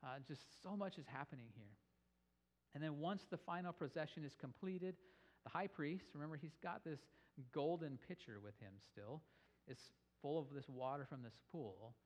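Man teaching a sermon with animated storytelling. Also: a little high, moderate pace. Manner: animated storytelling, rising with emphasis. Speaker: pastor.

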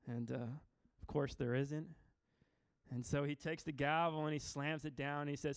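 A man's voice: on the high side, fairly quick, clear, resonant tone, no room sound. A man preaching a sermon, telling a story and acting out the lines of its characters with emphasis. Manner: storytelling with acted-out quotes, lively and emphatic. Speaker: pastor.

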